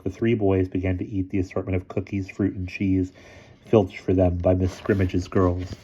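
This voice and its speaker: A man reading a children's novel aloud in a steady, expressive voice. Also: low voice, moderate pace, slightly rough, dull audio. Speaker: audiobook reader.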